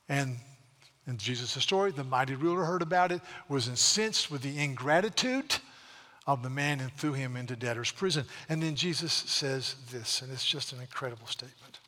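A man's voice: medium pitch, a little fast, pushed and bright, long reverb tail. A man preaching a sermon, dramatically retelling scripture stories, with frequent restarts. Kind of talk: sermon storytelling.

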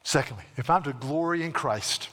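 A man's voice: on the high side, lively intonation, normal speed, fairly bright tone. A man who is a Baptist pastor, preaching a sermon in a folksy, storytelling way that builds to emphatic preaching. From South Carolina, USA. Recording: long reverb of a large hall.

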